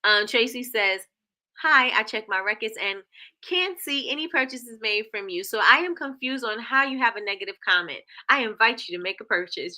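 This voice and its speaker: Woman host, bright tone, sassy and playful, reading chat comments live. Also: medium pitch, normal speed. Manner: animated, laughing, playful sass. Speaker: livestream host.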